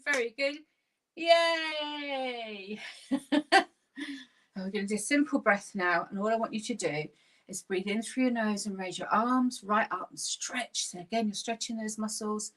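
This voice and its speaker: Bright-voiced woman leading laughter yoga. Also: a little high. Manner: upbeat and encouraging, giving steady instructions. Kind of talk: guided exercise class. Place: seated while leading.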